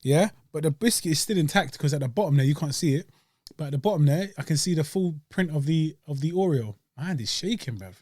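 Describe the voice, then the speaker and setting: A young man chats easily about a dessert, full of slang and asides. His voice sits a touch high for a man and sounds dry and close-miked. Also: animated, fast, a little mellow, no echo. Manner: laid-back, slangy and chatty, eating while talking. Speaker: podcast host reviewing desserts. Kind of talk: casual chat.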